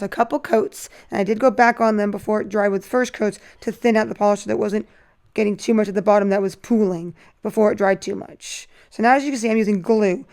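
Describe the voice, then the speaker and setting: A woman narrating her nail art as she paints, chatty and rambling, breaking into excited sing-song bursts. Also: medium pitch, clean tone. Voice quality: voice crackling. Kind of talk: casual voice-over while painting nails.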